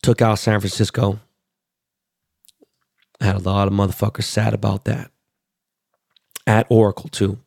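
A man in his forties from Los Angeles, ranting about sports in a blunt, profane, excitable way as a show host. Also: lowish voice, moderate pace, creaky, pauses often, dry recording, studio quality. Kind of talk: casual sports rant.

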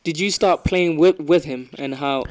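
Male interviewer, curious and probing, pitch a bit raised. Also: moderate pace. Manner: probing follow-up questions. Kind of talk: casual interview chat.

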